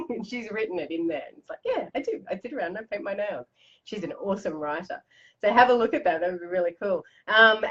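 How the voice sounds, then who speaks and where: A woman's voice: mid-range voice, dull audio. An Australian woman hosting a live-stream coaching chat, bubbly and chatty, laughing often. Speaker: life coach host.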